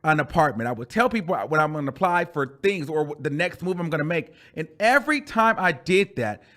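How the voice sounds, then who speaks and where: Here a YouTuber with a fairly high voice, talking a little fast, rants through a storytime on his channel. He keeps things chatty and animated, addressing the listener as "girl" and repeating phrases to stress them.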